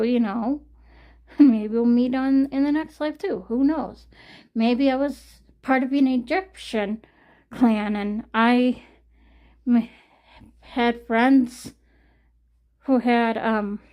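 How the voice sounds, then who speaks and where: A woman's voice: fairly high pitch, mellow. A woman vlogging in a casual rambling monologue, full of "you know", sighs and laughs.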